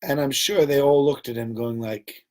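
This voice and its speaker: Speaking at normal speed with a medium-pitched voice, this teacher leads an informal Torah talk for a group. He tells his stories with animation, performing the characters' dialogue himself.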